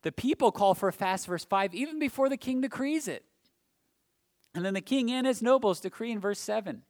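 A man preaching a sermon, swinging from loud emphasis to hushed, almost whispered passages. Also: sits high, lively intonation, fairly quick, dry recording.

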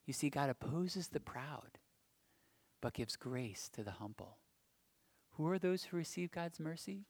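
A man preaching a sermon, swinging from loud emphasis to hushed, almost whispered passages. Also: fairly high pitch, animated, measured pace, no room sound.

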